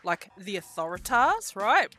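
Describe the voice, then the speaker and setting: A woman tells a personal story in a casual vlog. Her voice is bright and forceful, and she curses easily. She acts out what people said in a lively way. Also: medium pitch, a little slow, soft background music. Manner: casual, swears freely. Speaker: vlogger.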